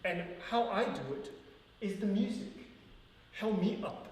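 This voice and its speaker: A man's voice: high-pitched, animated, measured pace. A man teaching a live ballet class, speaking earnestly and counting out rhythms aloud. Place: large echoey dance studio. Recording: far-off voice in an echoey hall.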